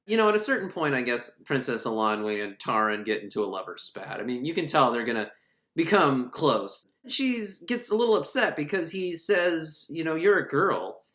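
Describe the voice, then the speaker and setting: A man giving a casual, irreverent recap of an animated film, rambling and laughing as he goes. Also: on the high side, moderate pace. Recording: roomy echo.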